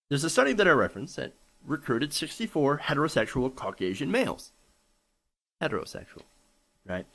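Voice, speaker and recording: Indignant, lively-voiced male commentator. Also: fairly high pitch. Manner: indignant, sarcastic, profane. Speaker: political commentator. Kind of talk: opinionated commentary monologue.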